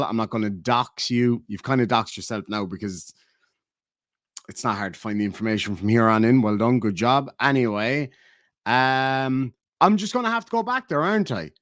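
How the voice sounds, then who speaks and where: In a ranting vlog, a man from Ireland spins a sardonic, profane story as a YouTuber. The voice is mid-range, recorded at studio quality with no room sound at all.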